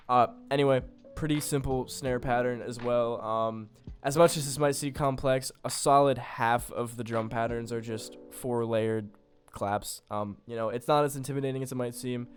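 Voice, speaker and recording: A young beat producer casually walks through how he built a beat, in a loose, filler-heavy, self-deprecating tutorial narration. His mid-range voice moves at a moderate pace over soft background music.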